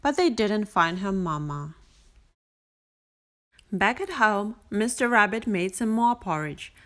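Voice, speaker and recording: A woman reading a bedtime picture book aloud, gentle and expressive, with sing-song repetition. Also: mid-range voice, slow pace. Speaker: storyteller. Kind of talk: bedtime story read aloud.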